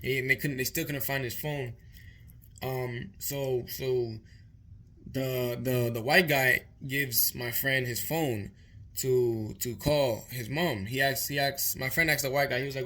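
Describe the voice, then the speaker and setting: Bright-voiced young man telling a story. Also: mid-range voice, fairly even intonation, a little slow. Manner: rambling, profane, repeats himself. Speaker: vlogger. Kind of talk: casual storytime monologue.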